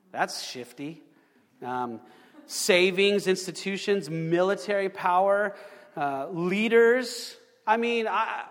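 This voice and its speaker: A fairly high-pitched man preaching to a congregation in a casual, talky style, full of rhetorical questions and restarts. His voice rings with the long reverb of a church hall. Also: fairly bright tone. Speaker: pastor. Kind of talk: sermon.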